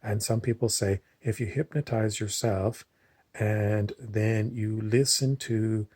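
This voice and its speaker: This man's voice is fairly low and a little mellow, with fairly even intonation and a slow pace, recorded with no room sound. He talks casually and digressively, wandering between points with loose phrasing, lots of fillers, and restarts.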